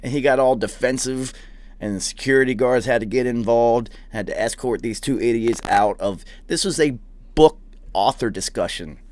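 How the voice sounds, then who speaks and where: A man's voice: mid-range voice, normal speed, no echo. A young man hosting a podcast, telling profane, rambling anecdotes in a casual chat. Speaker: podcast host. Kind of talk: casual storytelling.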